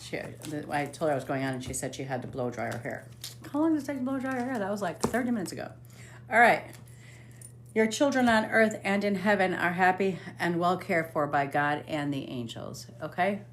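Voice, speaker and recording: A woman's voice: fairly low pitch, lively intonation, a little fast, a little hiss or hum. A woman hosting a live stream as a psychic medium, reading cards aloud in casual chat, swearing now and then and humming while she scrolls.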